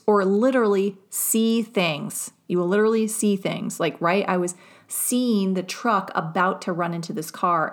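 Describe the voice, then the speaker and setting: A young adult woman hosting her own podcast recounts a personal moment in loose, casual storytelling. She circles back on her thoughts, filling pauses with little verbal fillers as she reflects, in a plain middle-pitched voice. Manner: rambling, self-reflective, frequent fillers. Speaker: podcast host, nervous system coach.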